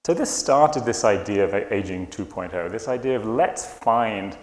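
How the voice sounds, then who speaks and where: A man's voice: fairly low pitch, normal speed. A man from the United Kingdom with a British accent, giving a conference talk in a large hall, hesitant with frequent fillers. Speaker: conference speaker. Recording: echoey hall.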